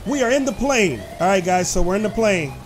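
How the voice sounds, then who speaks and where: A man hosting excited gameplay commentary, talking to his viewers and shouting when the action peaks. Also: high voice, a little fast, slight background noise. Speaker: gaming host.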